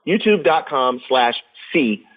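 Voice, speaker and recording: Animated, jokey man with a lively voice. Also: medium pitch, a little slow, dull audio. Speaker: guest drummer. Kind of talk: casual interview chat.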